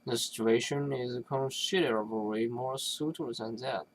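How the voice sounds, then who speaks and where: A reader works through a dense academic passage at a very slow, deliberate pace, middling in pitch. They often stumble, restart phrases and correct themselves, pausing to clear their throat between passages. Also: slight background noise, low-quality recording. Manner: halting, with restarts and self-corrections. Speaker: reader of a linguistics text. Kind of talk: reading an academic text aloud.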